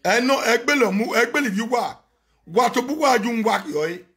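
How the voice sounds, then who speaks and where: A Nigerian man on a phone live video, ranting and chanting loudly, often shouting and switching between Pidgin and local languages. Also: very high-pitched, lively intonation, normal speed. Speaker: social media personality on a live video. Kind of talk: animated live-stream rant and chanting.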